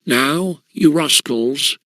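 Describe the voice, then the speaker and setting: A stern elderly gentleman, hard as nails, rapping out slow, contemptuous words without a tremor, as a male narrator reads him. A creaky, bright edge sits in his voice. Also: fairly high pitch, big pitch swings, no echo, exaggerated voice. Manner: curt, contemptuous, unshaken.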